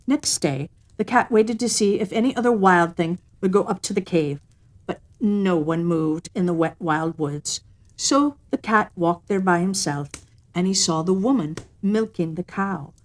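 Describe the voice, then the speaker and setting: A woman reading a classic storybook aloud in a rhythmic, gently repetitive telling. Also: medium pitch, normal speed.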